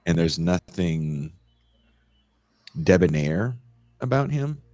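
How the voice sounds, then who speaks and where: A man's voice: low-pitched, dry recording. A man hosting a podcast, chatting casually and animatedly about old movies. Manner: animated, laughing, quick asides. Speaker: podcast host.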